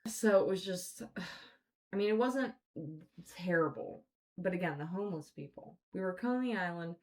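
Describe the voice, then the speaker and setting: A woman's voice: fairly low pitch, animated, moderate pace, darkish tone. A woman hosting a podcast, telling stories in a casual, rambling way full of swearing and fillers. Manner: rambling, profane, filler-heavy. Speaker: podcast host. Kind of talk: casual storytelling chat.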